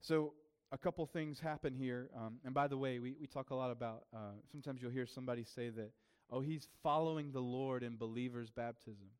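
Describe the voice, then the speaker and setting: A man's voice: mid-range voice, fairly even intonation, brisk, clean tone. A man preaching a sermon as pastor, in a casual, conversational way with frequent fillers and restarts.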